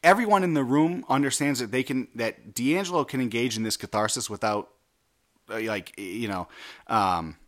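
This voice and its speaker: A man's voice: medium pitch, normal speed, a bit bright. A man co-hosting a casual TV recap chat, talking in a loose, profane and analytical way with many fillers.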